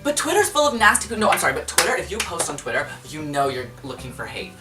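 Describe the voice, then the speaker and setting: A woman hosting a casual chat show, talking in an animated, dramatic way with gasps and outbursts. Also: low voice, fast talker. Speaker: host. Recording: roomy echo, distant mic, faint music.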